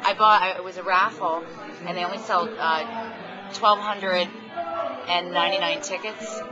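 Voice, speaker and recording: A woman with a lowish voice chats eagerly at a restaurant table. The recording is dull and lo-fi, and loud music plays behind her. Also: fairly even intonation, normal speed. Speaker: listener sharing her own story. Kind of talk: casual chat.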